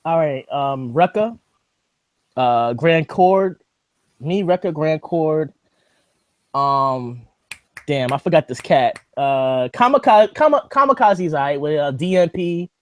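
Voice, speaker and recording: A man's voice: fairly high pitch, slow, no room sound. A man rants on a podcast in casual chat, his voice leaping up and down as he grows heated. He swears freely and calls himself skeptical and paranoid. The mic is close and dry. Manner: animated ranting, swears freely, mimics friends. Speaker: podcast host.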